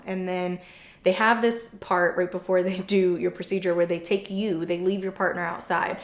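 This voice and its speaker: Her pitch is fairly low and her pace normal as this young podcast co-host openly relays personal stories. The retelling is lively and chatty, heavy on "like" fillers, and the room echoes.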